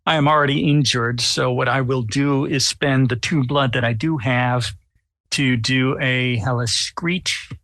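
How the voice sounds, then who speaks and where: A man playing a tabletop game, describing his vampire's actions in a deliberate, wry way. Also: mid-range voice, fairly even intonation, fairly bright tone, no echo. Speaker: player.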